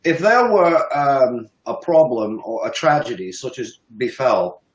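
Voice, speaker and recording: A man's voice: mid-range voice, expressive, unhurried, roomy sound, poor audio. A man in his fifties giving heated, emphatic political commentary, sometimes swearing and laughing scornfully. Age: 50s. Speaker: guest commentator.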